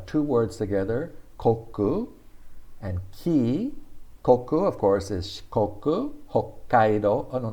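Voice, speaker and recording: A man giving a casual spoken language lesson, thinking aloud with frequent fillers and repeating words slowly for practice. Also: on the low side, mellow. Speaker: language teacher.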